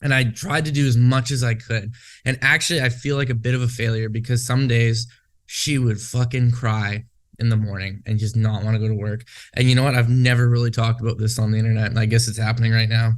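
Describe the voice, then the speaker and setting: A man in a loose, casual podcast conversation, his voice sitting at an ordinary middle pitch. He swears a lot and drifts from one tangent to the next. The delivery is unscripted and talky. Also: flat delivery, a little fast. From Western Canada. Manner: profane, rambling, goes off on tangents. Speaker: podcast co-host.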